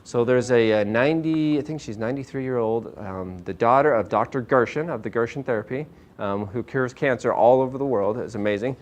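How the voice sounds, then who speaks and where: In a small meeting room, a man with a mid-range voice talks briskly about nutrition to a handful of listeners. The chiropractor is upbeat and a bit hyper by his own account, and he keeps quizzing the audience.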